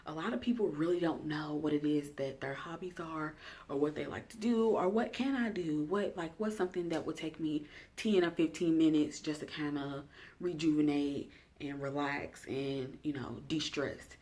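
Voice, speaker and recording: A woman's voice: low-pitched, moderate pace, darkish tone. Chatty woman vlogger asking viewers questions. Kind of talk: casual self-care check-in talking to camera.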